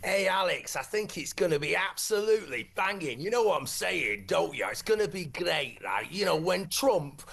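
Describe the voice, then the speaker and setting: A man's voice: sits high, lively intonation, normal speed, gravelly, hardly any pauses, fairly bright tone, slightly rough, pitched above the performer's own voice, exaggerated voice. A man doing a boisterous, slangy working-class bloke full of cheery catchphrases. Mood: jokey.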